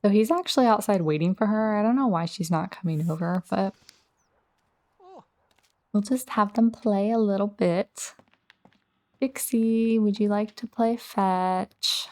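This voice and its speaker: A woman's voice: medium pitch, unhurried, pauses often, warm tone. A woman hosting a casual let's play, chatting through her gameplay and talking straight to her game characters.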